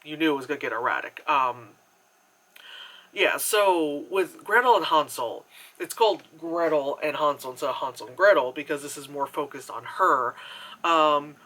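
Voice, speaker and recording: Rambling, bright-voiced man reviewing a movie. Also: on the high side, animated, moderate pace, low-quality recording. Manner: rambling, heavy on fillers, swears casually. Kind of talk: casual spoken review. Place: at home, indoors.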